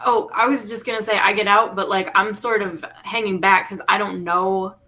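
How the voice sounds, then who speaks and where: A woman's voice: mid-range voice, fairly even intonation, normal speed, pushed and bright. A woman playing a tabletop game, chatting in a tentative, rambling way. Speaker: player. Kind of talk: casual tabletop game play.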